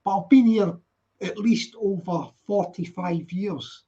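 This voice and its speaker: This Scottish host, a man in his sixties with a Glaswegian accent, speaks slowly in a high, mellow, husky voice. He rambles and goes over the same points again during a casual online chat, heard through muffled lo-fi call audio.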